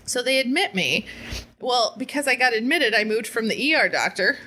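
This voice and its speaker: A woman's voice: sits high, lively intonation, moderate pace, bright, forceful tone. A woman co-hosting a podcast, telling a story in casual chat with lots of "like" and swearing. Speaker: podcast co-host.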